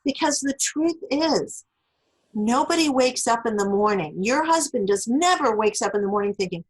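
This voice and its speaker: A woman's voice: on the high side, animated, moderate pace, breathy edge, low-quality recording. A woman being interviewed as an author, explaining relationship advice through everyday examples and acting out what people say. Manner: explains through worked examples, acts out spoken lines.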